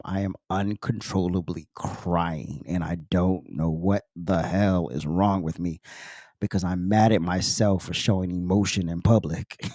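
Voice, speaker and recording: Man, very low voice, dry close sound, earnest personal storytelling, podcast host. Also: mellow, no echo. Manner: earnest, reflective, openly emotional.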